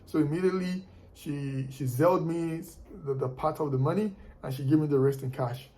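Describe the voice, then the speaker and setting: A man's voice: a little high, moderate pace, warm tone, low-quality recording. A man telling a story casually to his viewers, often repeating and restarting words as he goes. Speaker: car flipper sharing tips.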